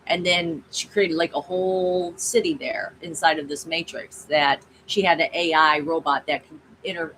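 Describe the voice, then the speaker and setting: A woman's voice: deep voice, fairly bright tone, slight background noise, rough recording. A woman hosting her own channel, chatting casually and rambling through a story with frequent asides to viewers. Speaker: channel host.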